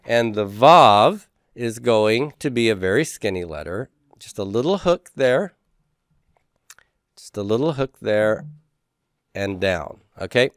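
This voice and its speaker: A man's voice: lowish voice, animated, takes it slowly, no room sound, clean studio sound. A man teaching a class, talking casually and repeating letter names for students to say back. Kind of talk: classroom lecture.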